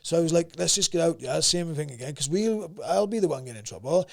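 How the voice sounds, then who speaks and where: Gravelly South Wales man in his thirties. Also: a little high, lively intonation, fast. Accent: South Wales valleys. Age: 30s. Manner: swears constantly, rambling anecdotes. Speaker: podcast guest. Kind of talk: casual storytelling.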